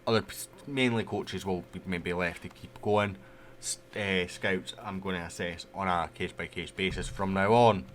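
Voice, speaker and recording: A man with a deep voice talks loosely through a football management game, chatty and unhurried, with plenty of asides. A faint hum sits under his desk-mic recording. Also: fairly even intonation, a bit bright. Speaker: gaming YouTuber. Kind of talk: casual game commentary.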